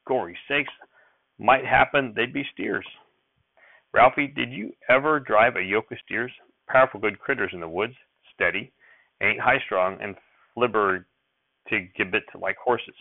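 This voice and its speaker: A man voicing an excitable, cranky old rural grandfather who talks in folksy dialect and repeats his exclamations. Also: lowish voice, a little slow, vocal fry, pauses often, no room sound, narrow, tinny audio. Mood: excited.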